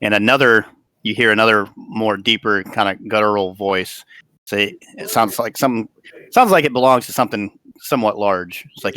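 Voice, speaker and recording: A man acting as game master for a tabletop game, describing the scene as he goes. His voice sits low but sounds bright and forward. He stops and restarts often while finding his words. The recording is dry and close. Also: fairly even intonation, normal speed, dry recording. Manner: hesitant, searching for words.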